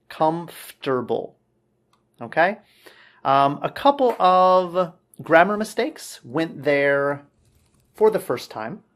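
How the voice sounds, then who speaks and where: A man teaching English, giving relaxed spoken feedback on a student's answer and checking in with "okay" as he goes. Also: a little high. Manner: relaxed, explanatory, says okay often.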